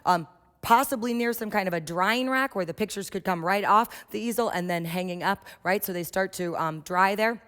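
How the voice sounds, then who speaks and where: A woman giving a workshop lecture on children's art, lively and storytelling, often acting out quotes. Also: mid-range voice, normal speed. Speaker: early childhood art trainer. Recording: echoey hall.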